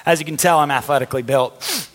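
A man preaching a conversational sermon to a live congregation, with energetic restarts and a voice going hoarse. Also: fairly high pitch, quick pace. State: losing his voice. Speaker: pastor. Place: church hall with a live audience. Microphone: handheld or stage mic. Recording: long hall reverb.

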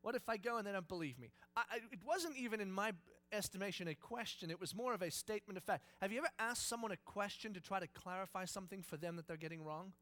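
A male pastor giving a sermon in a church, telling stories in an animated, joking way. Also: high voice, fast, no room sound. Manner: animated, jokey storytelling.

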